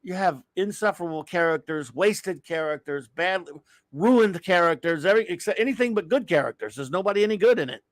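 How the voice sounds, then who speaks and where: Middle-aged male host, exasperated and rambling, fairly high voice, dry recording. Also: lively intonation, brisk, no echo. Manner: exasperated, rambling, with sighs and restarts. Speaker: show host. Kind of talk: casual live-stream rant.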